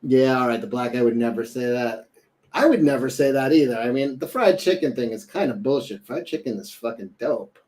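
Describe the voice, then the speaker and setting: Brisk and a little mellow, at medium pitch, this young man co-hosts a casual talk show. He rambles, fills space with fillers, and slips into put-on voices for jokes.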